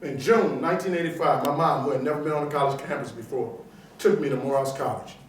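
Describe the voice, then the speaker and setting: A man's voice: mid-range voice, fast talker, a little hiss or hum. A man from New Orleans with a New Orleans accent, giving a motivational keynote speech and acting out the people in his stories. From New Orleans, USA. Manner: animated storyteller acting out characters. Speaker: motivational speaker. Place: large auditorium. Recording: echoey auditorium from far off.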